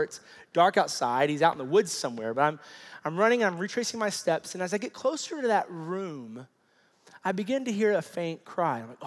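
A man in his thirties, a pastor telling a personal story in a sermon, animated and conversational with lots of fillers. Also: a little high. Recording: long hall reverb.

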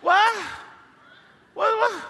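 A man voicing a distracted, exasperated father who calls out loudly and teasingly. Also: extremely high pitch, fairly even intonation, very slow, long reverb tail, voice pushed up, heavily acted. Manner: loud, teasing, exaggerated.

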